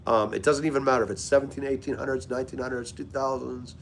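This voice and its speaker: A man's voice: medium pitch, fairly even intonation, fast, gravelly, slight background noise. A man hosting a live stream, chatting casually and greeting viewers by name as he talks. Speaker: livestream host.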